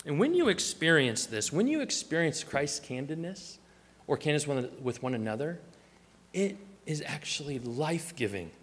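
A man's voice: a little high, big pitch swings, normal speed, husky, big-room sound. A man preaching a sermon, telling stories and acting out the voices he quotes. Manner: storytelling, acts out quoted voices. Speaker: pastor.

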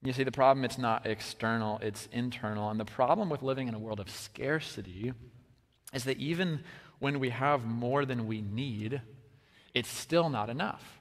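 A man preaching a sermon in a casual, chatty way with many fillers, his voice swinging between soft stretches and lively bursts. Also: medium pitch, moderate pace. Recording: long reverb of a large hall.

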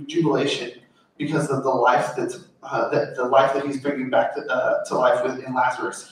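A man preaching a sermon in an earnest, informal, conversational way, explaining a scripture passage. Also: a little high. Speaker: pastor. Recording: very echoey room, voice far from mic.

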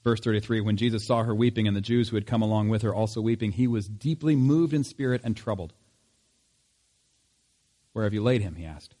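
A man's voice: lowish voice, a little fast, dark tone. A man preaching a sermon in a conversational tone, asking rhetorical questions. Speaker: pastor.

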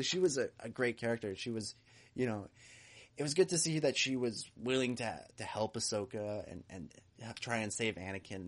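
A man co-hosting a podcast in casual chat, chatty and joking, with a lot of "you know". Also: mid-range voice. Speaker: podcast co-host.

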